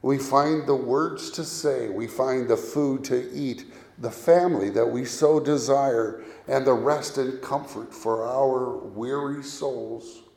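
A man preaching a sermon as a pastor, speaking deliberately and leading his listeners through recited scripture. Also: mid-range voice, creaky, darkish tone. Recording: echoey room.

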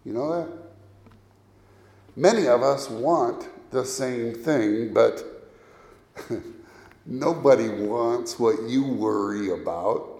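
A man preaching a sermon as a pastor, speaking deliberately and leading his listeners through recited scripture. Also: medium pitch, gravelly, darkish tone. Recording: echoey room.

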